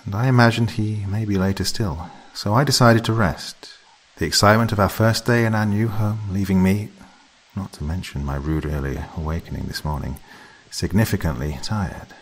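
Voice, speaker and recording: Deep husky male horror narrator. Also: a bit bright, poor audio. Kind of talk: scripted narration.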